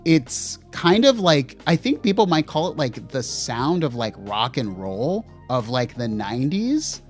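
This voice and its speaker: A man's voice: mid-range voice, big pitch swings, a little slow, soft background music. A man co-hosting a gear podcast livestream in a casual chat, rambling with lots of fillers and self-deprecating asides. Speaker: podcast co-host.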